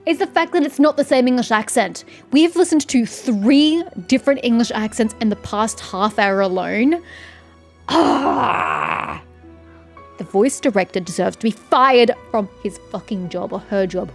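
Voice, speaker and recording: A woman doing let's-play commentary, sarcastic and sweary, ranting about the game. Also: medium pitch. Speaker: gaming streamer. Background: faint game music.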